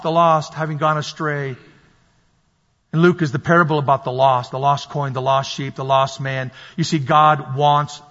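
Impassioned high-voiced preacher, echoing sanctuary. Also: male voice, fairly bright tone. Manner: impassioned, repetitive preaching, acts out quoted voices. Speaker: pastor. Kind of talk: sermon. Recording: dull lo-fi sound with long hall reverb.

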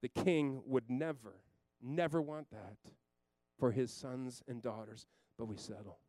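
A man in his thirties preaching a sermon as a pastor, emphatic and swinging from loud to hushed. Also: medium pitch, measured pace, no echo.

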